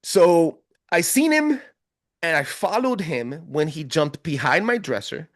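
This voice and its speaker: A man telling a story as a podcast guest in a casual, animated way, full of slang. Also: on the high side, measured pace, dry recording, clean studio sound. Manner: animated, slangy, keeps saying bro.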